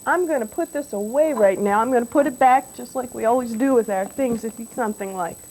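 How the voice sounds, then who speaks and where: High, gentle woman teaching little kids. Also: brisk, slight background noise, poor audio. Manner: gentle, patient, asks children questions. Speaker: music teacher for young children. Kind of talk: classroom music lesson with songs. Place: classroom. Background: banjo playing.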